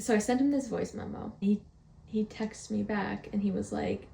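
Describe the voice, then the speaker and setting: Playful young woman, slow drawled words. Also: mid-range voice, steady tone, creaky, dark tone, echoey room, a little hiss or hum. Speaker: podcast host. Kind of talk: casual storytelling monologue.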